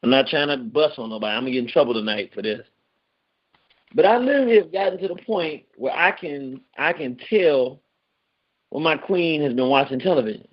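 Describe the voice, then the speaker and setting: A man hosting a call-in radio show, talking animatedly with his callers and telling stories. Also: a little fast. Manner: animated, jumps high in pitch when excited. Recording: dull lo-fi radio sound.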